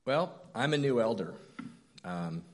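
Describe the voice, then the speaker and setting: A man's voice: medium pitch, animated, measured pace, a little mellow. A man in his fifties, a church elder, preaching a conversational, story-driven sermon with self-deprecating asides.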